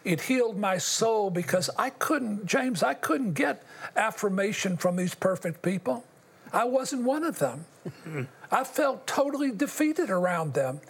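Older male guest, husky tone, earnest and halting, testimony-style storytelling. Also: sits high, expressive. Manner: earnest, halting, with long pauses. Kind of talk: personal testimony in an interview.

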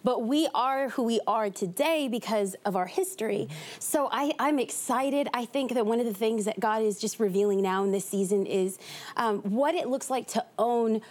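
Woman, young adult, from east los angeles, lively fast talk, talk show guest. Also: on the high side. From East Los Angeles, USA. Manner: animated, fast and talkative.

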